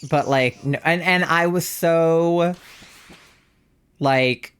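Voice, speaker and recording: A young transmasc streamer in their twenties, chatting casually while gaming, rambling with lots of "like" and self-deprecating asides. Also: male voice, a little high, very slow, fairly bright tone, smooth.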